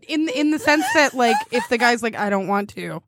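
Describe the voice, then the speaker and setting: A woman co-hosting a show in casual chat, playful and teasing, quick to laugh. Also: fairly high pitch, animated, fairly bright tone. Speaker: radio show co-host.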